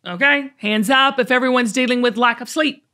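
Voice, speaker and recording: A woman's voice: a little high, bright, forceful tone. A middle-aged woman with a Southern US accent hosts a talk show and tells folksy stories in a chatty way. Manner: chatty, folksy storytelling with drawn-out emphasis. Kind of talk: casual chat.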